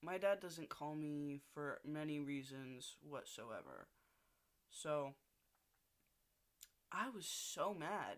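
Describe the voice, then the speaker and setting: A man's voice: a little high, expressive, slow pace, sharp tone. A young man ranting casually in a video diary, swearing often and rambling with restarts. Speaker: video diarist.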